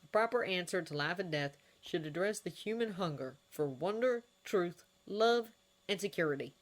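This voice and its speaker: A woman voicing a kind, wry adult man who is a doctor and mentor, speaking earnestly and with gentle teasing. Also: fairly low pitch, lively intonation, normal speed, natural voice.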